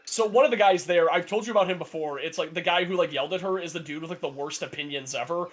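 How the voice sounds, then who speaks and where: A young man chatting casually on a podcast, telling a long story with many fillers and restarts, sarcastic and laughing often. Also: fairly high pitch. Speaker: podcast co-host. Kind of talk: casual chat.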